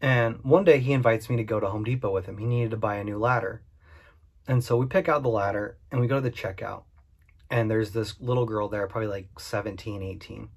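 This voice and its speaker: A man's voice: on the low side, a little fast, creaky, slightly rough. A man who runs a cleaning business, casually and candidly telling a story about his past work to the camera. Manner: conversational and candid, with frequent fillers.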